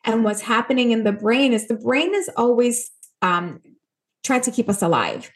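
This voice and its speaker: A woman's voice: fairly high pitch, very animated, normal speed. A woman from Puerto Rico, an author talking earnestly and with emphasis in a casual interview. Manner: earnest, emphatic, acts out quoted voices. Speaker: author and guest.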